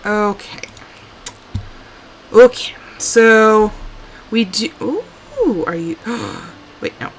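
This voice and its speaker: A tired woman streamer chatting casually while she plays, rambling, sighing and trailing off into quiet asides. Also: on the high side, very animated, drawn-out words, pauses often, a little hiss or hum. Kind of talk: casual live-stream chat while playing.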